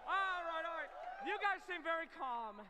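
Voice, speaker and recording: A man roaming through an arena crowd, interviewing fans with shouting, playful hype. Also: very high-pitched, animated, moderate pace, heavy background noise. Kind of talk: live event crowd interviews. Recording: loud crowd behind.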